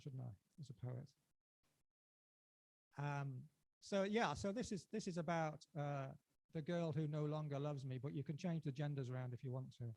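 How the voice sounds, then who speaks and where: A man from England performing his own poetry at a book launch, impassioned and rising toward shouting, then chatting in a self-deprecating way between poems. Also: on the high side, vocal fry, no room sound. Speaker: poet.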